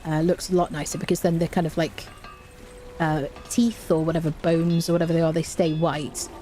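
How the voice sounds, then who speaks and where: A woman's voice: low-pitched, flat delivery, a little fast, dark tone. A woman chatting casually on a live game stream, reading out chat and humming to herself.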